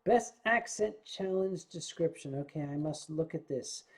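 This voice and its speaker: An older man talks slowly and loosely on a livestream, tipsy from drinking. He stammers and repeats himself, swears freely, and drifts from one thing to the next. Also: on the high side. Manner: rambling, stammering, profane. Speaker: livestream host. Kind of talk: rambling livestream chat.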